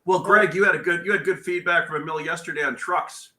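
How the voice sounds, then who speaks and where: A man's voice: a little high, fairly even intonation, fairly quick, noisy background. A man hosting a panel discussion, prompting his guests and offering his own predictions. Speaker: host. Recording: echoey room.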